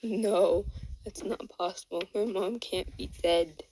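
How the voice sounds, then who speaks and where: A woman's voice: mid-range voice, fairly even intonation, slow, mellow, slight background noise, close to an everyday voice, rough recording. A woman voicing a frightened, powerless little boy in a fan story she tells. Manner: frightened, pleading. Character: scared quirkless little boy.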